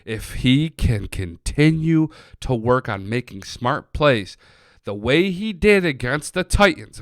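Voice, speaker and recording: A young man hosting a sports podcast livestream, excitably swearing as he rattles off team stats and reads chat. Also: fairly high pitch, smooth, no room sound, studio quality. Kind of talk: solo sports talk livestream.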